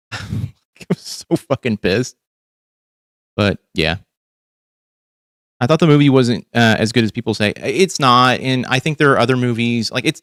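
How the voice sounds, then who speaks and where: A man's voice: mid-range voice, a bit bright, no echo, studio quality. A man hosting a casual reaction livestream, talking bluntly and profanely with lots of restarts. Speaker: livestream host.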